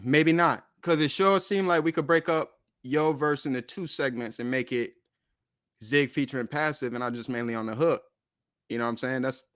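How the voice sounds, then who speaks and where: A man's voice: mid-range voice, fairly bright tone. A man hosting a casual music livestream, talking in a loose, rambling way with swearing and frequent self-corrections. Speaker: streaming show host and rapper.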